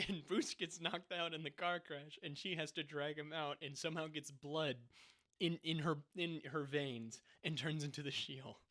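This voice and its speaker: Sarcastic young man, a bit high. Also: steady tone, moderate pace, pushed and bright. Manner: sarcastic, laughs often, mocking. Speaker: podcast co-host. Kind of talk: casual chat.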